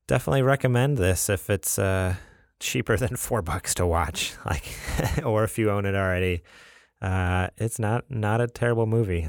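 A man's voice: low voice, dry recording, studio quality. A man co-hosting a casual podcast, rambling with many fillers and restarts. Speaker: podcast co-host.

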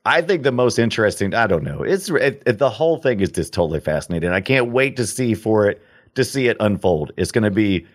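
A man's voice: lowish voice, big pitch swings, brisk. A man co-hosting a casual chat about games, blunt and opinionated, joking with his co-host. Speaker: podcast co-host. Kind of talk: casual live-streamed chat.

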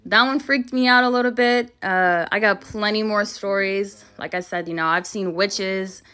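A woman's voice: mid-range voice, normal speed, sharp tone, clean tone. Woman telling a creepy family story. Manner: rambling, many "like"s, quoting family members. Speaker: guest storyteller. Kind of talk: casual ghost story telling.

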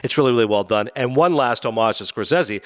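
A man hosting a casual movie talk podcast, acting out film scenes in quick voices. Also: medium pitch, lively intonation, fairly bright tone. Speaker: podcast host.

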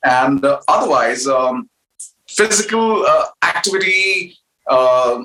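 A man's voice: a little high, animated, sharp tone. Thoughtful man in an echoey room. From India. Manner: thoughtful, halting, many restarts. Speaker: podcast guest, actor. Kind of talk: casual interview chat.

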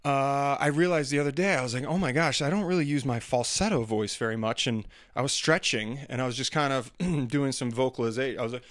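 A man's voice: mid-range voice, a little fast, hardly any pauses, fairly bright tone, no echo. Chatty man, dry close sound. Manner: chatty, self-deprecating, demonstrates singing sounds. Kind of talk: casual monologue.

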